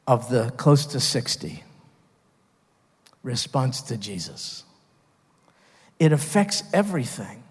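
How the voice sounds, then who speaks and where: Male pastor preaching, earnest, slow, stops and restarts a lot, echoey church sound. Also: mid-range voice, husky. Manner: earnest, emphatic, with repeated restarts. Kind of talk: sermon.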